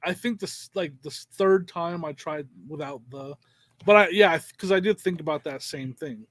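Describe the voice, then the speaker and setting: A man co-hosting a podcast, telling a story in a casual, animated way and laughing often. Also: a little high, normal speed, no room sound. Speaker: podcast co-host. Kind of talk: casual chat.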